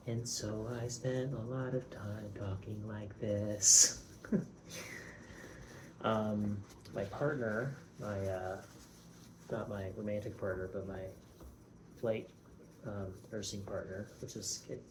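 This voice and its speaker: A very tired young man rambles through a casual vlog, swearing freely and poking fun at himself. His voice sits a little low, and there is clear room noise under it. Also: steady tone, measured pace, a little mellow, poor audio. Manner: tired, self-mocking and profane, with many restarts. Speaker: vlogger.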